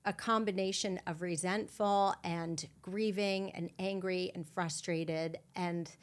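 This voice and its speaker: Middle-aged female host, slightly low-pitched; candid, emotional storyteller with a blunt, profane edge. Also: fairly even intonation, slow. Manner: raw, emotional, blunt with swearing and dark humor. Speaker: podcast host.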